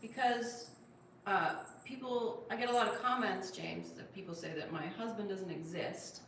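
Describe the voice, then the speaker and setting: Female livestream host, relaxed and chatty, reads comments aloud; sits back from the mic in a boomy room. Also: normal speed, creaky, a little hiss or hum. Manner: chatty, reads viewer comments aloud and coos at her cat. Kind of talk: casual livestream chat. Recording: very echoey room, distant mic, faint ambience.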